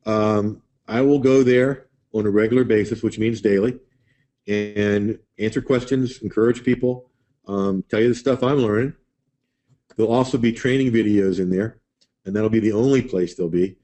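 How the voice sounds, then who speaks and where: A man's voice: lowish voice, normal speed, mellow. A man hosting a live webinar, chatting loosely and answering viewers' questions by name. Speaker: webinar host.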